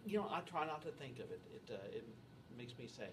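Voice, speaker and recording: A man telling a folksy, animated anecdote in a casual way. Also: medium pitch, brisk, far from the mic, noisy background. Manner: folksy, animated yarn-spinning. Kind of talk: anecdotal storytelling.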